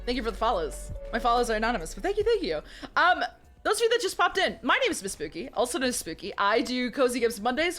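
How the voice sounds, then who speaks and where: A woman's voice: high voice, a bit bright. A woman streamer chatting casually and giggling as she rambles to her viewers. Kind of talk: casual live-stream chat.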